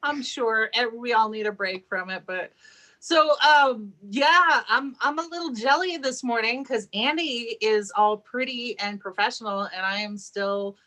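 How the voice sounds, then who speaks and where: A woman's voice: on the high side, unhurried, bright, forceful tone, rough recording. A woman co-hosting a casual talk show, bubbly and teasing, laughing often. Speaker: podcast co-host. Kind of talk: casual chat. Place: large walk-in closet.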